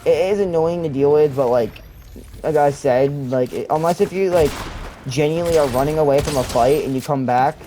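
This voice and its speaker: A man's voice: on the high side, normal speed, warm tone, rough recording. A young man commenting on his own gameplay, rambling and complaining, with many fillers and restarts. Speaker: gamer. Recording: faint game noise and gunfire behind.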